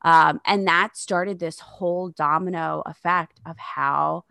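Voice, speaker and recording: A woman in her thirties speaks in a low, gravelly voice with plenty of fry. She talks frankly and sarcastically as a podcast guest and swears freely. The sound is dry and close. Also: steady tone, slow, sharp tone, dry recording. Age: 30s. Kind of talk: candid podcast conversation.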